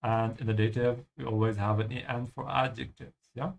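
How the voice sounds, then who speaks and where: A man's voice: medium pitch, level tone, moderate pace, vocal fry. A man teaching German while playing a game, explaining patiently and ending his points with "yeah?". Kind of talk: language lesson over gameplay.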